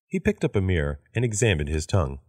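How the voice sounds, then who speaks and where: A man reading English practice sentences aloud in a measured way for learners. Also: sits low, huge pitch swings, no echo, clean studio sound. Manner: measured, repeats each sentence after the woman. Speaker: English phrase reader.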